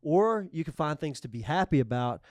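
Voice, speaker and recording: A man co-hosting a casual podcast, talking in a high-energy, blunt and rambling way. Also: expressive, brisk, darkish tone, no echo, clean studio sound. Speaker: podcast co-host.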